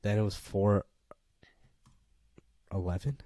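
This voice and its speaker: Young man, podcast co-host, casual chat, low dark voice, dry close sound. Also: slow, dry recording. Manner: swearing, playful, bursts of excitement.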